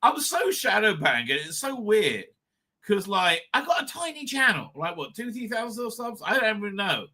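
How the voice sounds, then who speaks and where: A crude, rambling man hosts his own live stream, laughing often at his own jokes. His voice sits fairly high and sounds sharply bright. His pitch leaps around animatedly as he talks. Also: sing-song, normal speed.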